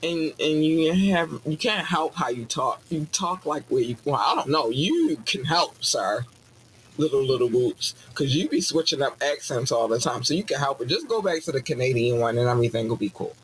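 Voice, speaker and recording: A podcast host with a mid-range voice rants at a moderate pace, loose and profane, slipping into animated, preachy asides like a mock sermon. The recording is low quality, with a little hiss or hum.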